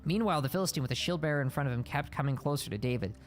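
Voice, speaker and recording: A man's voice: medium pitch, lively intonation, very fast, soft background music. A man reading a Bible passage aloud on a stream and stopping to explain it in casual words.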